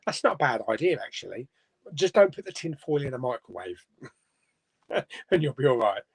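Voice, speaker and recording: A man's voice: mid-range voice, sing-song, moderate pace, husky, no room sound. A man hosting a casual live stream, reading viewer comments aloud and chuckling between them. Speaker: host of a live chat stream. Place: home room.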